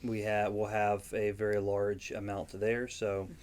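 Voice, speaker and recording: A man's voice: fairly low pitch, little pitch movement, measured pace, a little mellow, clean tone. A man, a guest vendor in a casual interview, speaking in an easygoing, plain-spoken way with frequent ums. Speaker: yarn dyer and guest vendor.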